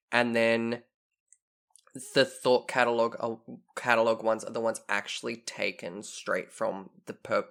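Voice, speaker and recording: A man co-hosting a casual podcast, chatting and reading spooky stories aloud, animated and excitable as he reacts. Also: medium pitch, gravelly. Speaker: podcast co-host. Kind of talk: casual chat and dramatic story reading.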